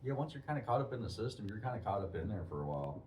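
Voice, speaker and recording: Lively man talking from off-mic. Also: on the low side, racing, reverberant, far from the mic. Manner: animated, profane storytelling with quoted asides. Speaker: podcast host. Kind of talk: casual chat.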